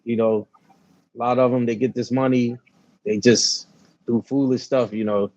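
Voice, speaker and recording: A man co-hosting a sports podcast, talking in a laid-back, halting way with many fillers. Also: mid-range voice, flat delivery, darkish tone, dry recording. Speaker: podcast co-host. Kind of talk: casual sports podcast talk. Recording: dull lo-fi sound.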